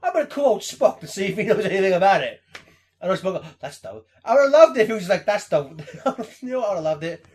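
Animated, high-voiced man chatting. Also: quick pace. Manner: animated, swearing, laughing, acting out quotes. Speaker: podcast co-host. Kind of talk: casual chat.

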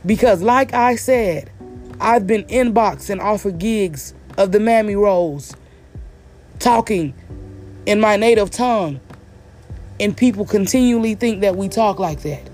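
A woman from the American South speaks straight to her viewers in an emphatic, exasperated vlog rant. She slows her speech down on purpose and puts weight on each word so it lands clearly. Faint music sits under her voice. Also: medium pitch, darkish tone. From Southern United States. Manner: deliberately slow, clear delivery. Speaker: vlogger. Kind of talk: direct-to-camera commentary rant.

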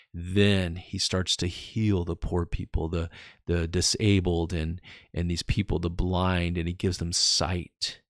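A man giving informal Bible teaching on his podcast, chatting casually and slowing down to read scripture with emphasis. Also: low-pitched, no room sound, clean studio sound. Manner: conversational, reads scripture slowly with emphasis.

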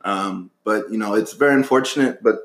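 Low-voiced relaxed man chatting. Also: fairly quick. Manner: relaxed, filler-heavy. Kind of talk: casual chat.

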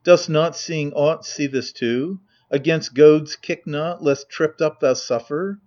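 A man reading the lines of a gloating usurper in a proud, measured declaiming manner. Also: fairly high pitch, darkish tone, muffled recording. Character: gloating usurper, avenger of his father.

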